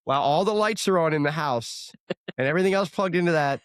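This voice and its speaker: A man co-hosting a casual chat show, teasing and retelling a story with animated energy. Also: on the high side, fast talker, clear, resonant tone, no room sound, studio quality. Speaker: podcast co-host.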